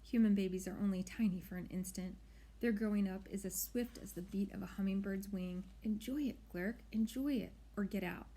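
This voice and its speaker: A woman voicing a kindly, doting old witch who talks soothingly and teases gently. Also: mid-range voice, moderate pace, lightly acted.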